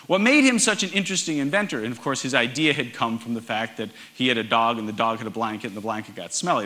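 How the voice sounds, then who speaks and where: A middle-aged man giving a conference talk on stage, telling stories with wry humor and animated emphasis. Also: medium pitch. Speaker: conference speaker. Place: large concert hall stage.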